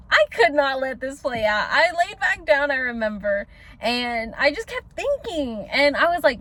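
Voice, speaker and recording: A woman's voice: high-pitched, expressive, normal speed, a bit bright. A woman telling a personal story in a casual, slangy vlog chat, acting out her own past lines and laughing often.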